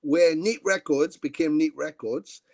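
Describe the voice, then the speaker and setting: A middle-aged man tells long, rambling stories in a casual interview, with a slightly high voice and a very dry sound. He fills gaps with "uh" and "you know" and swears casually, speaking over a video call. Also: a little slow, gravelly, a little mellow, dry recording. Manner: rambling anecdotes, frequent fillers and casual swearing. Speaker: guest musician.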